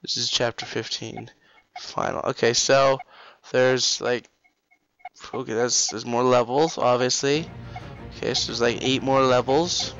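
A man giving casual, excitable commentary while playing a game, getting flustered and trash-talking it. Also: mid-range voice, a little slow, no room sound, lo-fi sound. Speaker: let's play host. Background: game music and sound effects.

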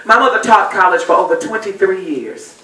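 A middle-aged woman giving a personal speech at a dinner event, an animated, folksy storyteller. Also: mid-range voice, brisk. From Texas. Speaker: guest speaker at a dinner event. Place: banquet hall. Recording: echoey hall, voice from far off.

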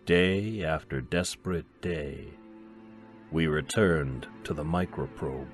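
A man reading a science fiction story aloud in a measured, grave storytelling manner. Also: a bass voice, faint music behind. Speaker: narrator.

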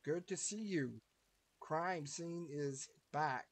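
A man voicing a male deputy at a game crime scene, dragging every word out slowly. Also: on the high side. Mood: matter-of-fact.

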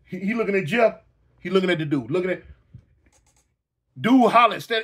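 Brief: middle-aged male storyteller, high voice, animated, hiccups. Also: measured pace, long pauses, breathy edge. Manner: animated, repetitive, with sound effects. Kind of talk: casual storytelling.

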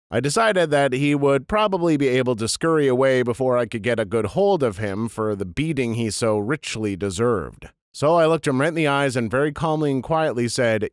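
A man reads out a series of anecdotes in a scripted, matter-of-fact narration. His pitch moves a lot, rising and falling through each line. The recording is dry and close, with no room sound. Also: dry recording. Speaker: narrator reading internet stories.

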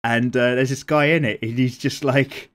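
A man's voice: mid-range voice, fairly even intonation, normal speed, a bit bright. A young British man hosting a drawing show, reading out viewer comments in a rambling, casual way, swearing freely and laughing often. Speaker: art channel host.

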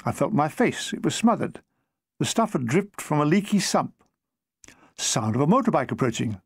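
An older man from England reading his own war memoir aloud, with dry comic timing and quick jumps into put-on voices. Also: on the high side, very animated, husky, no room sound.

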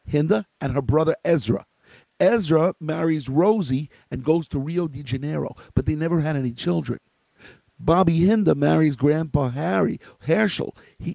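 A man's voice: fairly high pitch, vocal fry, dark tone, dry recording. A middle-aged man hosting a live show, telling a family story in a conversational way and asking his listeners questions. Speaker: host.

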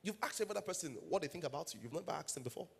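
A man's voice: fairly high pitch, expressive, racing, creaky, breathy edge. A man with a Nigerian English accent preaching a sermon as pastor, telling stories and building to emphatic calls to the congregation.

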